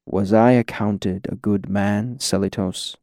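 Male reader doing a fallen hero crushed by grief: heavy, weary, desperate; slow delivery. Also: mid-range voice, no echo, studio quality. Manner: weary and heavy, rising to anguished shouts. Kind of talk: audiobook character voice.

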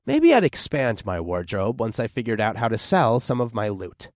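A man narrating a first-person audiobook with lively, widely moving intonation and a mid-pitched voice. His descriptive storytelling is close-miked, and the recording is dry, with no room echo. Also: moderate pace.

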